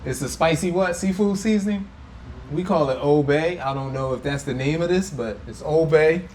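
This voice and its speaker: A man's voice: on the high side, moderate pace, a little mellow, a little hiss or hum. A man hosting a casual food vlog, playful and teasing as he talks to viewers at home. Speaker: food vlogger. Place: indoors at home.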